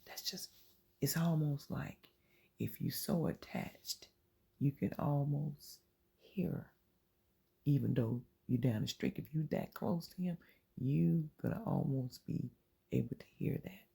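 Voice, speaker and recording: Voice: medium pitch, a little slow, creaky, mellow, breathy edge. A channel host giving an earnest, informal inspirational faith talk, repeating phrases and dropping into whispers to make a point.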